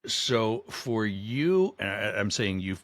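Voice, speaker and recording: A man's voice: on the low side, sing-song, slow pace, a bit bright, no echo, studio quality. A man co-hosting a podcast, explaining ideas casually and bluntly, with emphatic delivery. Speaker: podcast co-host. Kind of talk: casual conversation.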